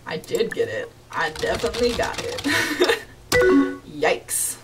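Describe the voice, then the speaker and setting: A woman's voice: mid-range voice, huge pitch swings, slow pace, distant mic, over loud music. A young woman chatting casually through a let's-play of a game from her bedroom, reading chat messages aloud with a giggly, playfully dramatic manner. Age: young adult. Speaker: gaming YouTuber. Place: home bedroom.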